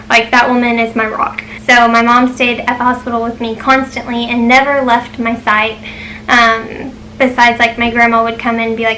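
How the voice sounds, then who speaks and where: A woman's voice: fairly high pitch, bright, forceful tone, a little hiss or hum, poor audio. A young woman telling a personal story to camera in a chatty way, full of ums and likes. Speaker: vlogger.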